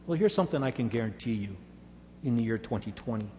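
A man's voice: medium pitch, big pitch swings, quick pace, a little mellow, in a large hall, a little hiss or hum. A man preaching a sermon, telling stories earnestly and making emphatic assurances to his congregation. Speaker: pastor.

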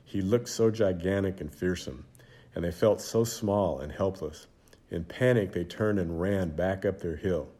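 Male narrator with a deep, mellow voice, measured dramatic reading of a children's Bible story.

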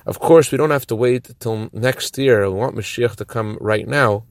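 A man speaks as a rabbi giving a brief Torah lesson. His voice has a rough, gravelly texture, and the sound is dry with no room echo. He explains in a measured way and slows down to press home key phrases. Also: medium pitch. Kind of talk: short recorded Torah teaching.

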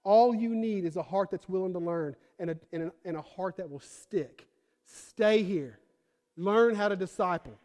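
A young man preaching a sermon as a pastor, telling stories in a chatty way, dropping to a hush and then rising to fired-up emphasis. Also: high-pitched, moderate pace. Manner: conversational storytelling with fillers, swings from hushed to fired-up.

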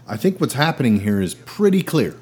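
Deadpan man in a comedy sketch. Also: medium pitch, brisk, husky. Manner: dry, exasperated deadpan. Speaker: comedy podcast host.

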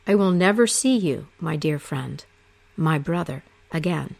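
A woman voicing a bold, loyal wild young man in a told myth, calling out loudly. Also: low voice, expressive, measured pace, gravelly, full character voice. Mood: grieving.

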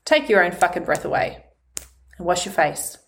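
A woman's voice: on the low side, big pitch swings, moderate pace. Passionate sweary woman on self-love. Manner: passionate, frequent swearing, emphatic; heartfelt and vulnerable. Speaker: podcast host. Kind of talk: motivational monologue.

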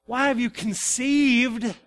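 A man's voice: very high voice, takes it slowly, a bit bright, heavily acted. A man acting out a stern male apostle in a sermon, firing accusing questions at a liar.

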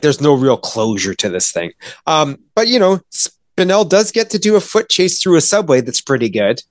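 A man's voice: medium pitch, dry recording. A man hosting a podcast and reviewing a film in casual chat, rambling with lots of fillers and swearing. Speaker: podcast host reviewing films.

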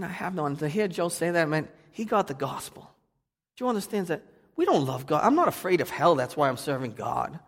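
A male pastor preaching a sermon, swinging from hushed to loud and fervent. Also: on the high side, husky. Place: church sanctuary. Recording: long reverb of a church hall.

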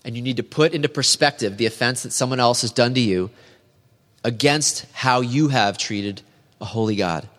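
A man preaching an earnest, measured sermon as a pastor, reading scripture aloud. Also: medium pitch, a bit bright, big-room sound.

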